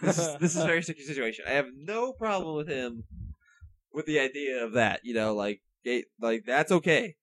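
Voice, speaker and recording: A man's voice: a little high, lively intonation, a little fast, a bit bright. A man co-hosting a casual comedy podcast, rambling and joking with lots of "like". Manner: rambling, jokey, full of "like". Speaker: podcast co-host.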